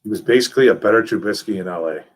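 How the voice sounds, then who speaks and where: A young man hosting a casual live stream, reading chat messages and talking football in a lively, repetitive way, calling people man and bro. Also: fairly low pitch, rapid-fire, husky. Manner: animated, repeats himself, calls people man and bro.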